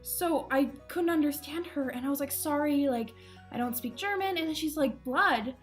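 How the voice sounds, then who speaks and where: A woman's voice: sits high, moderate pace, a little mellow, soft background music. A young woman casually telling embarrassing travel stories to camera, chatty and self-deprecating, laughing often. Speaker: vlogger.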